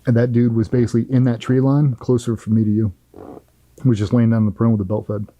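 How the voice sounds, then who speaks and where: A man's voice: mid-range voice, level tone, fast, mellow, poor audio. A middle-aged man, a former Navy SEAL, telling a firsthand war story in an interview in a blunt, profane, vivid way.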